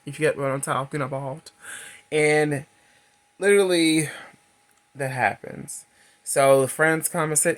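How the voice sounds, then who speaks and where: A man in his thirties giving a chatty, laughing movie recap and review, acting out characters' lines in a high voice. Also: fairly even intonation, measured pace.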